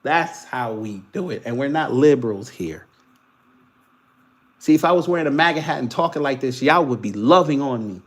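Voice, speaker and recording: Reading posts aloud, this Caribbean political commentary host mocks them with sarcastic, animated remarks, shifting from loud to muttered asides. His voice is mid-range and moves at a normal speed.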